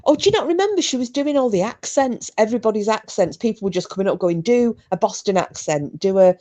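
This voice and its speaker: A middle-aged woman with a mid-range, somewhat dark voice hosts a casual livestream from home. She chats with her live chat viewers and laughs her way through bawdy banter.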